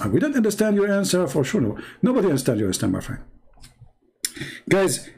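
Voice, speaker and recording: A man's voice: high voice, wildly swooping pitch, a little fast, vocal fry, darkish tone, husky. A man from the Middle East whose native language is Arabic, hosting a live stream in English with an Arabic accent and mocking his opponent sarcastically. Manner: broken English grammar. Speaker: host.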